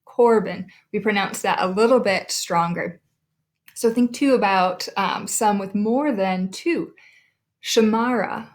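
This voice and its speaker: Woman teacher sounding out syllables. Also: medium pitch. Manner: clear, deliberate, sounds out names and syllables. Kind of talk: recorded classroom lesson.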